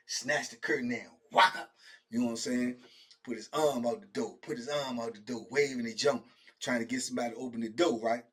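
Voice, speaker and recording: A man's voice: mid-range voice, fairly quick. A middle-aged man hosting a show, animatedly telling a prison story in slang, acting out the people in it and often checking in with his listener. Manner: lively, slangy, acts out the other people he quotes; keeps checking in with "right?" and "you know what I'm saying?". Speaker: host telling prison stories.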